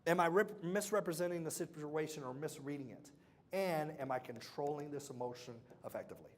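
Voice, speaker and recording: A man with a fairly high voice leads a lively, brisk motivational workshop at a workplace training session. Speaking straight to the room, he quizzes people with call-and-response questions and has them repeat key words back.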